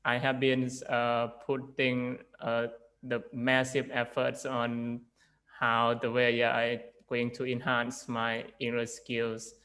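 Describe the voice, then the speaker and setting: Over poor audio, a young Lao-accented man speaks slowly at a medium pitch, his delivery completely flat and his tone sharp. An English teacher from Laos, he hesitates through a casual interview chat, full of fillers and false starts.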